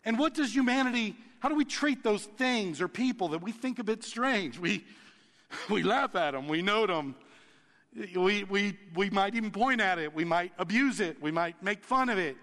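A man preaching a sermon, animated and playful, acting out quoted reactions and laughing between points. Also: high-pitched, long reverb tail. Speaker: pastor.

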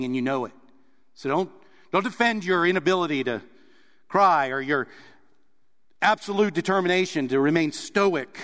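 A man preaching in an earnest voice that sits a little higher than most men's. He presses hard on key points and then eases down soft. The room around him rings with a long reverb. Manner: earnest, rising to emphatic stresses then dropping soft. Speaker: pastor. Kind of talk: sermon.

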